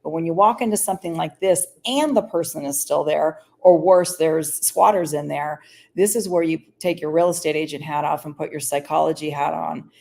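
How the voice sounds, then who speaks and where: A woman hosts a podcast in a very low voice. She speaks fluently and reflectively, often turning to address the audience. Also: moderate pace, creaky, a little mellow. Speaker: podcast host. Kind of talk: podcast conversation.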